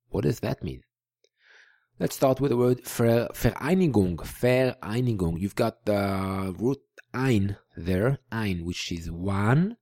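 A man hosting a podcast language lesson, explaining word by word and repeating each word slowly. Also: fairly low pitch, a little mellow, no echo, clean studio sound. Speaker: language teacher.

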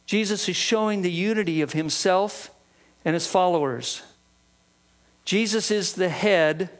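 A man preaching a sermon, explaining scripture earnestly and reading passages aloud. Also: sits high. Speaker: pastor.

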